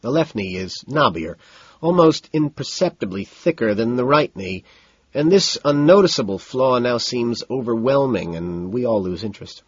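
Male audiobook narrator, deadpan first-person reading, husky low voice, dead dry lo-fi recording. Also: moderate pace, dry recording.

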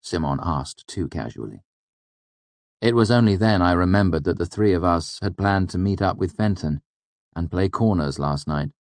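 A man narrating an audiobook in a measured storytelling voice. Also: sits low, lively intonation, darkish tone, no echo. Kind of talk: scripted narration.

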